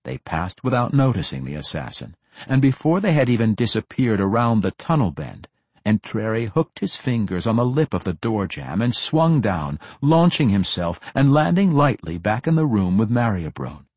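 A man narrates a fantasy audiobook with a low, slightly husky voice. His delivery is lively and swings widely in pitch as he tells the story with drama. The sound is dry and close. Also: moderate pace, no echo.

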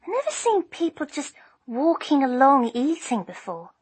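A woman's voice: high voice, sing-song, normal speed. A woman voicing a bold, curious young girl who chatters eagerly in an audiobook. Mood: chatty. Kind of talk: audiobook character voice.

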